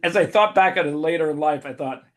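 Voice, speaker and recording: A man's voice: fairly high pitch, fast. A man hosting a casual podcast, telling long rambling stories with frequent restarts and laughs. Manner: rambling, self-interrupting, laughs mid-story. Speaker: podcast host. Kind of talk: casual conversational storytelling.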